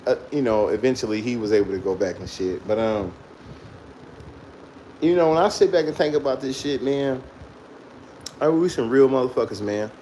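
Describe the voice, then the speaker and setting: A man's voice: mid-range voice, animated, moderate pace, pauses often, warm tone, a little hiss or hum, rough recording. Laid-back man telling a story, laughing. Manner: loose, profane, laughs through his story. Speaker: vlogger telling a childhood story. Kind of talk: casual storytelling monologue.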